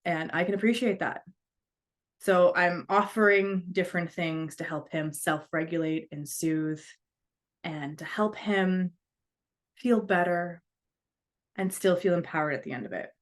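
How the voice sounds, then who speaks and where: A woman's voice: fairly low pitch, fairly even intonation, a little slow. Earnest woman telling a story. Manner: earnest, acts out quoted voices. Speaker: speaker. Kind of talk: storytelling talk.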